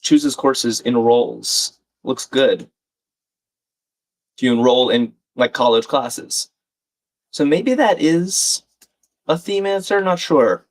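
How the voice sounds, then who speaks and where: Slow and full of pauses, his mid-range voice carries a live puzzle-solving stream where he works crosswords aloud. He chats casually and reads viewer comments as he goes.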